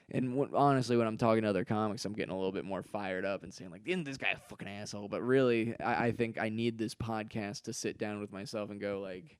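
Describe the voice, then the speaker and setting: Young man, solo podcast host, rambling confessional talk, stammering restarts, low smooth voice, dry close sound. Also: darkish tone, no echo. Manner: rambling, self-reflective, frequent stammered restarts.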